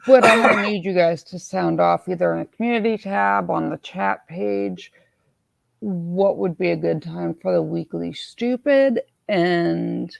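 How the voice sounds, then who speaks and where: A woman hosting a casual live stream, hoarse from swelling in her neck, who chats in a self-mocking way and reads viewer comments aloud. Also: on the low side, dry recording. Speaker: livestream host.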